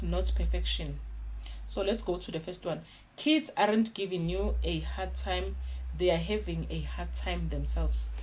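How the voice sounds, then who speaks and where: A young woman giving parenting advice in an earnest, repetitive way, often restarting her sentences. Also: mid-range voice. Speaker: parenting vlogger. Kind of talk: casual advice talk to camera.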